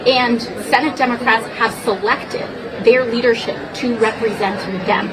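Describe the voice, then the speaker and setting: A woman, a congresswoman, answering press questions in an earnest, measured way. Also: fairly high pitch, steady tone. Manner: earnest, measured, repeats herself while thinking. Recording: distant mic, loud crowd noise.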